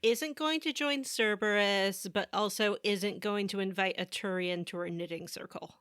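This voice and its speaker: A woman co-hosting a casual gaming chat, sarcastic and quick to act out lines. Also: mid-range voice, a bit bright, clean tone, dry recording, clean studio sound. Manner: sarcastic, acts out quoted lines. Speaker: podcast co-host.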